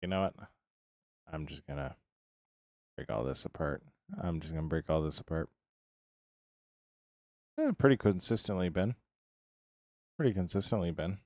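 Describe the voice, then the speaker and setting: A man's voice: sits low, normal speed, long pauses, a little mellow, no room sound, studio quality. An American man live-streaming a building game, chatting casually with viewers and rambling between tasks as he answers them by name. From United States.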